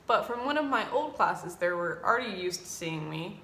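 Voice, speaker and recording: A woman's voice: lowish voice, normal speed, roomy sound, slight background noise. A young woman in her twenties, an English teacher telling classroom stories in a casual vlog, acting out her students' lines. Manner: animated, acts out students' lines in quoted voices.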